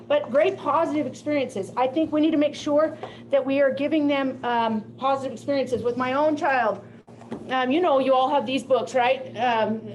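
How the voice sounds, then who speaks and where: An older woman giving a presentation to teachers, telling classroom stories in a lively way and laughing often. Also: sits high, a little hiss or hum, rough recording. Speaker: teacher of deaf students. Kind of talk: presentation to educators.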